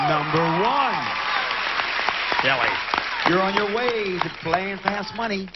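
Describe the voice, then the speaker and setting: Game show host, man, brisk and playful, animated delivery, lo-fi studio tape with crowd noise. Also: high voice. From Kentucky. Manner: brisk, joking, repeats answers aloud. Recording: dull lo-fi TV studio recording with loud audience.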